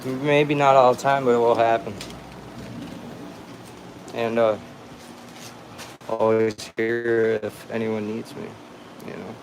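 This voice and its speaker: A young man drifting through a relaxed livestream chat at an unhurried pace, his speech loose and full of slang. His voice sits at an ordinary middle pitch, with a faint household hum in the background. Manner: laid-back, rambling, slangy. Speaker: livestream host. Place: at home with a cat. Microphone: phone livestream.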